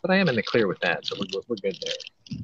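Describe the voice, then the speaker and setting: A man's voice: sits low, big pitch swings, fast talker. A man hosting a casual podcast chat, rambling and profane, often restarting his sentences. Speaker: podcast host. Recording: dull lo-fi with faint noise.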